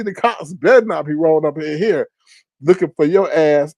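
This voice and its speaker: A man hosting a live stream, telling funny stories in a casual, profane, streetwise way and jumping into loud, high exclamations when he retells his reactions. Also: normal speed, dry recording. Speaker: livestream host. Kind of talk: casual storytelling to a live chat.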